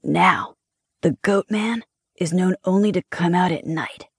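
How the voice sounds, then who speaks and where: A woman voicing a fearless, thrill-seeking young man in an audiobook, talking in a hushed, conspiratorial way. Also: fairly low pitch, unhurried, breathy edge, dry recording, clean studio sound, exaggerated voice. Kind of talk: audiobook character voice.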